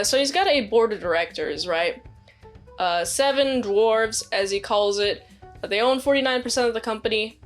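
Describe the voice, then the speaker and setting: A woman giving a casual movie review, rambling with lots of "like"s. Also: medium pitch. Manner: rambling, many "like"s, acts out quotes.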